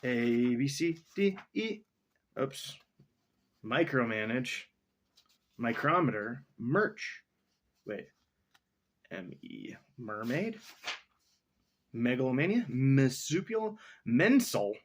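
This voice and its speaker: A man's voice: mid-range voice, sing-song, takes it slowly, pauses often, slight background noise. A young man casually reading a story aloud, rambling off into asides and dictionary look-ups.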